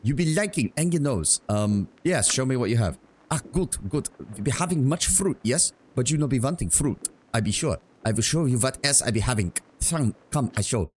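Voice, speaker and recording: A man's voice: medium pitch, expressive, moderate pace, husky, voice pushed up. A man voicing a pushy fruit merchant with a put-on, clumsy German accent and broken, ungrammatical sales talk. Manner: chopped, ungrammatical sales patter.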